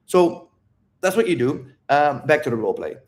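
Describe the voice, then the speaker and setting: A man's voice: a little high, very animated, moderate pace. A man coaching on relationships, emphatic and blunt, cursing freely and checking in with his listeners as he acts out scenes. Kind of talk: coaching monologue with role-play.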